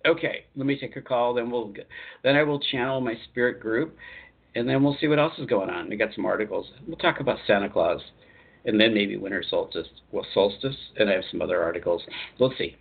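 Over a tinny phone line, a man who hosts a call-in radio show and works as a channeler rambles chattily and laughs often. His fairly low voice is a little fast, creaky, and has a breathy edge.

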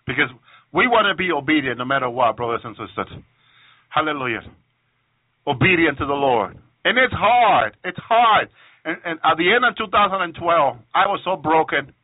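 Man preaching a testimony, emotional, halting restarts, fairly high voice, tinny phone-like sound, dry. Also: sing-song, no room sound. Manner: emotional, repeats praise phrases, halting restarts. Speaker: preacher on a radio program. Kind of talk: testimony sermon.

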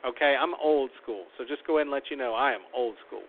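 A man's voice: medium pitch, fast talker. Blunt man on a tinny phone line. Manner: blunt, opinionated. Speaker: reality show recap host. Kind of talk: casual commentary.

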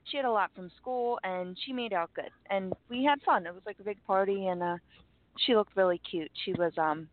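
A woman's voice: mid-range voice, fairly quick, dry recording. A woman co-hosting a radio show, chatting and giggling as she tells stories. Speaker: radio co-host. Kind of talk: casual radio chat. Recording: dry, phone-like audio.

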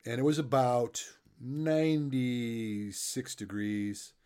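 A man's voice: medium pitch, fairly even intonation, slow pace, warm tone, clear, resonant tone. A middle-aged man interviewing a guest and coaching, telling loose, joking stories in a casual chat. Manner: chatty storyteller, loose and joking.

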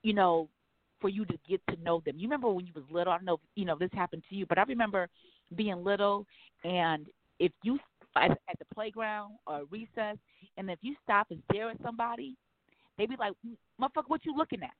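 A woman's voice: medium pitch, a little fast, no echo. Frank, profane woman on a phone line. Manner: frank, profane, animated storytelling. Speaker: host. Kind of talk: casual radio talk.

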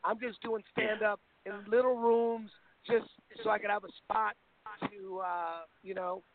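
A man being interviewed as a guest on a phone line, talking in a relaxed way with many fillers. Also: high-pitched, measured pace.

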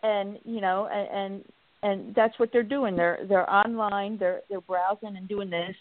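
A woman hosts a casual political talk show, stumbling through fillers and restarts before launching into animated stories. Her voice comes through a narrow, phone-like line with a dry, close sound. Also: medium pitch, no echo. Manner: halting, many restarts and fillers; animated storytelling, acts out quotes.

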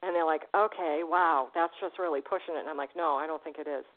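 A woman hosting a radio show, chatting with a caller and telling stories in a lively way, laughing often. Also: deep voice. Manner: fast, animated storytelling, laughs often. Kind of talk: casual radio interview chat. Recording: tinny phone line.

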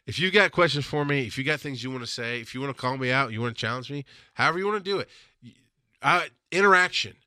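A man's voice: medium pitch, bright, forceful tone, no room sound, studio quality. Blunt, profane man ranting on his podcast. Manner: blunt, profane, rising into heated rants. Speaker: podcast host. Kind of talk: solo podcast monologue.

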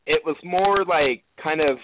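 A man's voice: a little high, unhurried. Man recapping over a tinny line. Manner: chatty, recaps at length with playful asides. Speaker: podcast co-host recapping an episode. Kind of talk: casual podcast chat. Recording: tinny phone-like line with faint hiss.

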